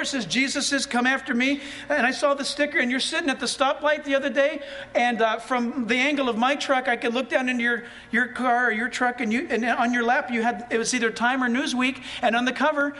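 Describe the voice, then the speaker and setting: High-voiced animated preacher. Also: male voice. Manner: animated, rhetorical questions, rising to near shouts. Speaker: pastor. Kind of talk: sermon.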